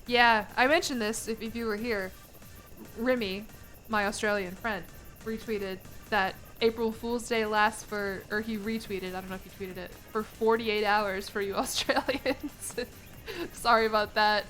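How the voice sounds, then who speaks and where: A woman's voice: medium pitch, fairly even intonation, measured pace, a bit bright, soft background music. A young American woman streaming a game, chatting casually with her viewers in a playful, rambling way. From United States. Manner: rambling, playful, laughs between lines.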